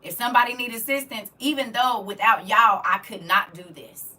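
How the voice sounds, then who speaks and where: A woman's voice: on the high side, fairly quick, bright, forceful tone, distant mic. A woman who teaches the Bible online, chatting casually on a livestream, speaking emphatically and repeating herself to drive points home. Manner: emphatic, repetitive, keeps asking "you hear me?". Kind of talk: casual livestream chat, reading viewer comments.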